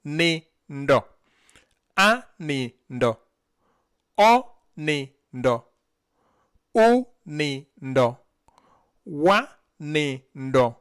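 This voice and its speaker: This male language teacher sounds a little high, very animated, and fairly bright, with a clean tone. He draws out his words and leaves long pauses while teaching vocabulary on a live stream, sounding out each word by syllable for a learner to repeat.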